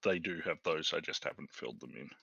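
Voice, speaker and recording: A man's voice: very deep voice, quick pace, creaky, sharp tone, husky, no echo, dull audio. A man playing a tabletop game, joking and teasing casually. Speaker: player.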